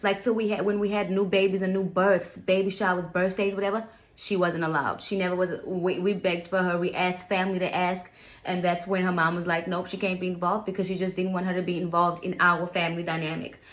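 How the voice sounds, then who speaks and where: A woman's voice: lowish voice, flat delivery, brisk, rough recording. A young adult woman, a stepmother, telling a story in a casual vlog, emphatic and heated, with many fillers. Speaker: vlogger, stepmother.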